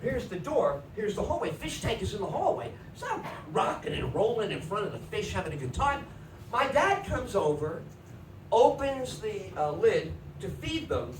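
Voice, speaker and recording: A man's voice: high voice, moderate pace. A middle-aged man doing stand-up on a comedy club stage, telling a story and acting out his family's voices. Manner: animated, acts out family voices, shouts punchlines. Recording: echoey club from a distance with noise.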